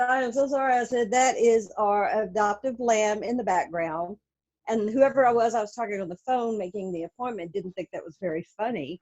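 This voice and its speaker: Middle-aged woman guest, lively storyteller, quick to laugh, everyday pitch. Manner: animated, laughs while telling stories. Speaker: true crime author, guest. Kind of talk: casual interview storytelling.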